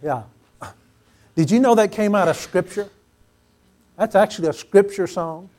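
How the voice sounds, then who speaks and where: High-voiced preaching man, emphatic. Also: measured pace. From Pacific Northwest US. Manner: emphatic, repeats phrases for stress, swells loud on key words. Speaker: pastor. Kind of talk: sermon. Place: church sanctuary before a congregation.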